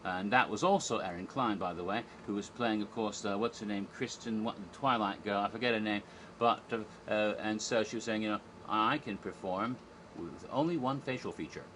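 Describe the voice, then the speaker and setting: A man's voice: fairly low pitch, steady tone, brisk, fairly bright tone, slight background noise, rough recording. A man casually retelling a comedy stage show, chatty and irreverent, often acting out the characters' lines. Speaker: theme park history vlogger.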